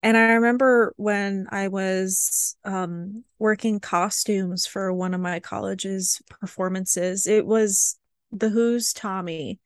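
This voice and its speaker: A woman in her twenties, co-hosting a podcast, chatting casually and telling animated stories with lots of fillers. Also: mid-range voice, slow pace, clean tone, no room sound, clean studio sound. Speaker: podcast co-host. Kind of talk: casual chat.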